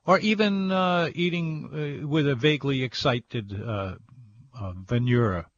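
An older man hosting a food radio show, talking casually and halting often with "uh". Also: medium pitch, a little hiss or hum. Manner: rambling, halting with many uhs. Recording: dull, lo-fi radio broadcast.

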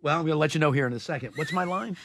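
High, gravelly man joking around. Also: racing, fairly bright tone. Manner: joking, self-deprecating, acts out scenarios. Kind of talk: casual chat.

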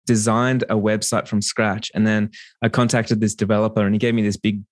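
A man hosting a casual podcast, telling a relaxed story about his business. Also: lowish voice, fairly quick, dry recording, studio quality.

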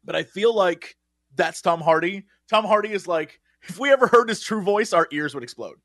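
A young man co-hosting a podcast in casual chat, goofy and quick to slip into silly impressions. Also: sits high, expressive, a bit bright, dry recording, studio quality. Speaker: podcast co-host.

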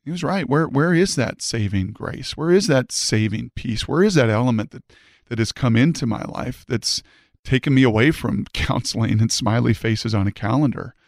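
A man, a former high school quarterback, giving an earnest and emphatic personal faith testimony. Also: moderate pace, creaky, no room sound, studio quality.

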